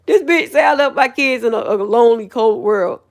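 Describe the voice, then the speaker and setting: A woman's voice: on the high side, normal speed. Angry, profane woman ranting on stream. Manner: heated, profane, laughing scornfully. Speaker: livestreamer. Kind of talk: angry livestream rant.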